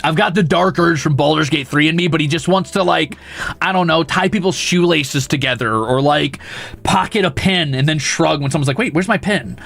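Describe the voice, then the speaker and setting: A man's voice: on the high side, moderate pace, gravelly, a bit bright, faint music behind. A young man chatting casually on a stream, rowdy and mischievous, swearing often and laughing a lot.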